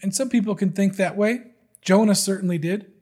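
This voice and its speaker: Husky high-voiced male preacher. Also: normal speed, warm tone. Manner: earnest, emphatic, repeats key words. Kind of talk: sermon.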